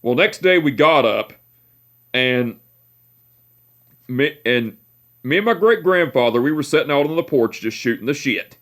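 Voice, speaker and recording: A man's voice: mid-range voice, expressive, a little slow, long pauses, a bit bright. A young man tells family stories in a casual, profane way, often laughing at them. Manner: laid-back, profane, laughing at his own stories.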